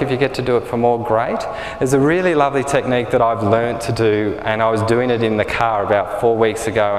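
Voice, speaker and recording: Gentle man teaching a group, echoey room. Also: medium pitch. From Australia. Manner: gentle, often asks the audience if it makes sense. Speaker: spiritual workshop teacher. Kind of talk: live talk to a small group.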